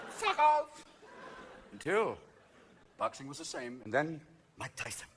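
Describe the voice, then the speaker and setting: A man performing a stand-up comedy set, manic and shouting, jumping between voices and impressions. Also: high-pitched, wildly swooping pitch, moderate pace, pauses often, slight background noise. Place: large theater with live audience. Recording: live theater recording with crowd laughter. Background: audience laughter and applause.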